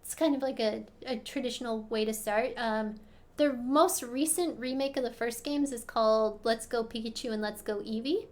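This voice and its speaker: A woman's voice: on the high side, moderate pace, a little mellow. An American woman hosting a casual live stream, chatting and answering viewers' questions with giggles. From United States. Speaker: livestream host answering chat. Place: apartment in Korea.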